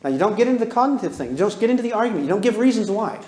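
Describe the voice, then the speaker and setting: A man giving a live parenting lecture to an audience, animated and joking, acting out little dialogues with big swings in pitch and volume. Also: very fast, hardly any pauses. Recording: roomy hall echo.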